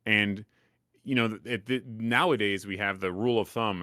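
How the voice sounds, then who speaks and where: A man's voice: fairly low pitch, moderate pace, bright, forceful tone, no room sound, studio quality. A man co-hosting a podcast, chatting casually, rambling and self-deprecating with lots of fillers and restarts. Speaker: podcast co-host. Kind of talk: casual chat.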